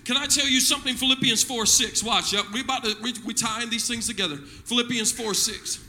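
A man's voice: very high-pitched, steady tone, brisk, pushed and bright. A male pastor preaching a sermon, full of call-and-response and repeated phrases in front of a congregation. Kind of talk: energetic shouted sermon. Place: church service with congregation.

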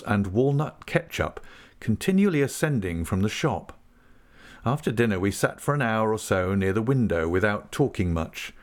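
A man narrating a classic novel as an audiobook reader, in a measured, expressive storytelling manner. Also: medium pitch. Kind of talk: scripted narration.

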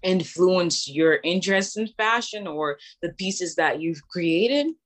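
A woman hosting a podcast interview, asking relaxed, measured questions. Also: on the low side. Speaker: podcast host.

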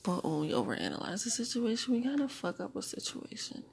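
A woman's voice: mid-range voice, big pitch swings, quick pace, vocal fry, a little mellow, a little hiss or hum. A woman podcasting alone, rambling and swearing as she questions and answers herself. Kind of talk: rambling solo monologue talking to herself.

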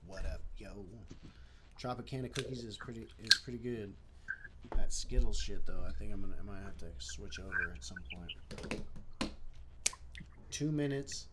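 A man from Minnesota co-hosting a live stream, talking in a laid-back, slangy way that swings from low mumbles to loud bursts. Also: normal speed, pauses often, very noisy. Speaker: live show co-host. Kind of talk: casual stoned chat. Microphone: livestream mic.

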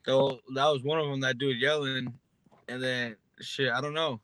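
A man's voice: mid-range voice, fairly even intonation, normal speed, fairly bright tone, no echo. A young man guesting on a podcast, telling slangy stories in casual chat and laughing a lot.

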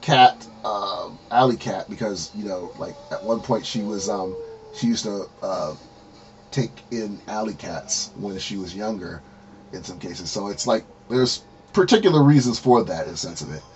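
A man hosting a casual podcast interview, telling stories with lively acted-out quotes and frequent laughter. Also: lowish voice, normal speed, slight background noise. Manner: animated storyteller, acts out quotes, laughs often. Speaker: podcast host.

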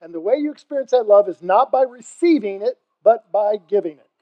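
An older man preaching as pastor, impassioned, swinging between quiet talk and loud emphatic calls. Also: high-pitched, animated, fairly quick, muffled recording. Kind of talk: sermon.

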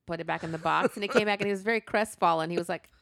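A woman's voice: on the low side, very fast, vocal fry, a bit bright, dry recording, clean studio sound. A woman hosting a podcast in casual chat, telling stories and acting out what others said. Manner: chatty storyteller, acts out quoted reactions. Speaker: podcast host.

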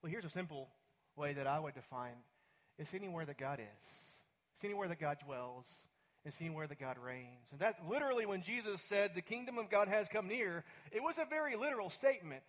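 Fairly high-voiced man preaching a sermon. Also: lively intonation, brisk, fairly bright tone, rough recording. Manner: earnest, stops to muse and repeat himself. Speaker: pastor.

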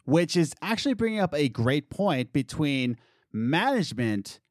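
A man hosts a casual podcast with a lively voice that swings up and down in pitch as he jokes and circles back on his points. The sound is dry and close to the mic. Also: normal speed, dry recording. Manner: animated, jokey, wordy with restarts. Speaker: podcast host. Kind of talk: casual commentary chat.

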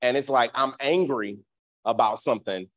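A man giving a casual teaching talk in a colloquial, conversational way, acting out the voices he quotes. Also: normal speed. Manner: animated, acts out quoted voices with big pitch swings.

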